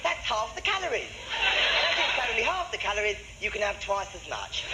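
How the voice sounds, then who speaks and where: A chirpy diet-ad announcer, as a man puts him on, bounces his high voice all over the place, sing-song and mock-cheerful. The clip sounds distant, with loud noise behind it. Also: wildly swooping pitch, normal speed.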